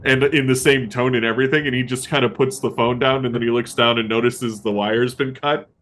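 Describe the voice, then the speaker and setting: Slightly fast and a bit bright, this mid-range male voice keeps a fairly even intonation. Playing a survival tabletop game with a friend on his podcast, he recounts his character's days in a journal style, swearing, laughing a lot, repeating himself, and letting thoughts trail off.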